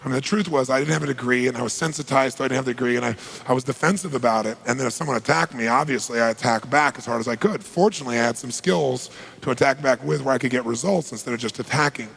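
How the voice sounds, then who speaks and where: A man's voice: medium pitch, fast talker, gravelly, fairly bright tone, husky, low-quality recording. A man giving a motivational talk, telling a story with emphatic, punchy delivery and acting out conversations. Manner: emphatic, punchy, acts out quoted exchanges. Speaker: motivational speaker.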